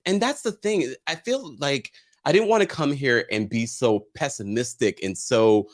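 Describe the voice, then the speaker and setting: A man hosting a casual reality TV recap, chatty and animated, reading viewer comments aloud and laughing often. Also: medium pitch, normal speed. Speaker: host.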